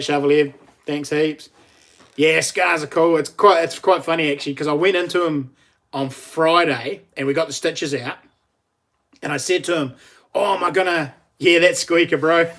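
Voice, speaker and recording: A man's voice: fairly high pitch, fairly even intonation, normal speed, a bit bright. A middle-aged man with a New Zealand accent, chatting casually on a live stream, laughing often and reading out viewer messages.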